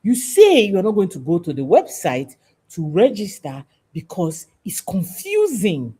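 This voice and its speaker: Low-voiced woman preaching civic duty. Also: wildly swooping pitch, unhurried, warm tone, slightly rough. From Nigeria. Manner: preachy, emphatic, repeats phrases. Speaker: podcast host. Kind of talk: passionate civic talk to camera.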